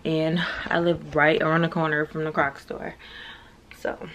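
A woman's voice: sits low, level tone, measured pace, slight background noise. A young woman vlogging casually to camera at home, chatty and blunt, swearing freely and talking in slang. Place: at home, just out of bed.

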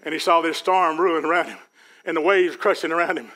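High-voiced folksy preacher. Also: male voice, fairly even intonation, fast talker. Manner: folksy preaching, Southern US dialect, builds to shouts. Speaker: pastor. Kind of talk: sermon. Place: church sanctuary.

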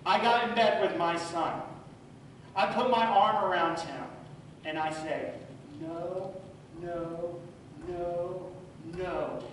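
High-voiced pastor in an echoey church. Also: male voice, measured pace. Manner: dramatic, swings from loud to hushed. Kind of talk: sermon storytelling. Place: church sanctuary. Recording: echoey church from far off, faint noise.

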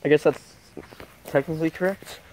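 A young man filming a casual vlog outdoors in the countryside, joking around excitably and swearing often as he talks to his viewers. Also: a little high, normal speed, slight background noise. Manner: excitable, jokey and heavily profane. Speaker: vlogger.

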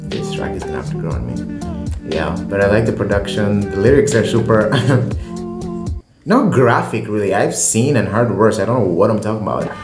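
A woman's voice: extremely low pitch, very animated, normal speed. A woman giving a casual, candid album reaction, swearing freely and rambling emotionally. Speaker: music reaction youtuber. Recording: roomy echo with music playing. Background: album music playing.

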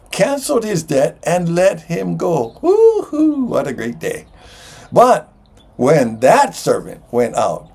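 A man preaching a sermon as pastor, slow and emphatic, with sudden jumps in pitch. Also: creaky, darkish tone, husky.

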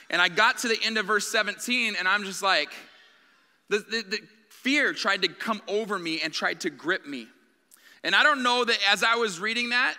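A man's voice: high-pitched, pushed and bright. A man preaching a sermon in a candid, conversational way. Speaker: guest preacher. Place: church sanctuary. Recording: long reverb of a church hall.

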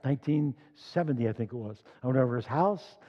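A man's voice: mid-range voice, fast talker. An older man preaching a sermon, telling stories and reading scripture aloud with rising force. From Philadelphia. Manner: storytelling, rising loud when reading scripture. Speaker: congregation leader. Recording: dull echoey church hall recording.

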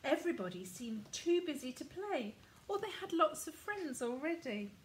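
A woman reading a children's picture book aloud in a gentle, expressive storytelling manner. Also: high-pitched, normal speed, a little hiss or hum, poor audio. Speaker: storybook reader.

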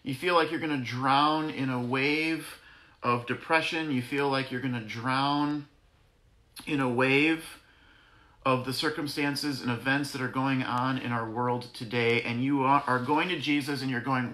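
A man's voice: medium pitch, fairly even intonation, a little slow, sharp tone. A man giving an earnest, conversational devotional sermon as pastor, repeating phrases for emphasis. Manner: earnest, repetitive, conversational preaching with self-corrections. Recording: echoey room.

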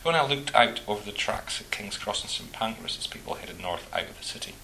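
A man calmly reading a short story aloud in a measured narrating voice. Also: fairly low pitch, echoey room, a little hiss or hum, rough recording.

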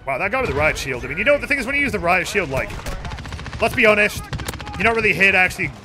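A man's voice: high-pitched, sing-song, fast talker, noisy background. A young man streaming a shooter game, chatting casually with profane, joking banter and offhand rants. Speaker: gaming streamer. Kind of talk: casual live gameplay commentary.

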